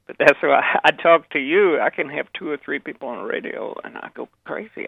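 Gravelly older Southern man on a phone line. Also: fairly high pitch, a little fast, hardly any pauses, no echo. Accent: Southern American. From Memphis, Southern US. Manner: rambling, chuckling storyteller with frequent restarts. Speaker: guest, actor and author. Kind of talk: relaxed anecdotal interview. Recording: dry, tinny phone line.

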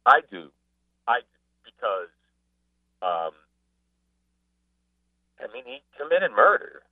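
A man chatting casually as a guest on a radio show, an animated storyteller who mimics the people he describes. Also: mid-range voice, takes it slowly, no room sound. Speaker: sports broadcaster and guest. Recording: phone line.

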